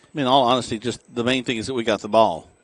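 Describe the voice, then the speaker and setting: A man giving quick, dry play-by-play of a high school football game for radio, from outdoors at a stadium. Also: fairly even intonation, a little hiss or hum. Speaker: play-by-play announcer.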